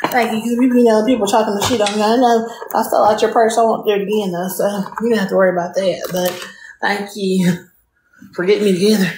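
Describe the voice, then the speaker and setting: A woman's voice: medium pitch, level tone, fast, darkish tone. A woman chatting casually and playfully on a livestream, joking and cursing at her viewers. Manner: playful, profane, talks straight to the chat. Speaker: livestream host. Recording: echoey room, faint noise.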